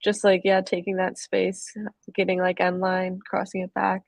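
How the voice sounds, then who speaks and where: A woman's voice: lowish voice, monotone, normal speed, vocal fry, no room sound. A woman in her twenties from Illinois, a laid-back and giggly guest in a casual interview. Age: 20s.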